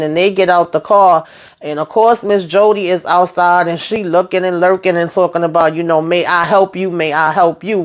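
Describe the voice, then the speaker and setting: Animated woman recapping a TV show. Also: on the low side, smooth. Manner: animated storytelling, laughs often, acts out quotes. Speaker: TV recap host.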